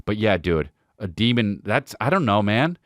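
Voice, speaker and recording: A male podcast host riffs in an animated, swearing rant with a mid-range voice. His pitch jumps all over as he talks, and the sound is close and dry with no room in it. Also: moderate pace, dry recording. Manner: profane, riffing, says dude a lot. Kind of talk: casual comedic rant.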